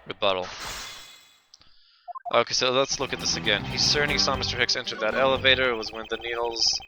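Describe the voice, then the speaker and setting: A man's voice: mid-range voice, fast, rough recording. A man streaming a video game, chatting casually with viewers between dialogue. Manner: relaxed, chatty, talking to chat. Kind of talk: let's play commentary. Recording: game music playing underneath.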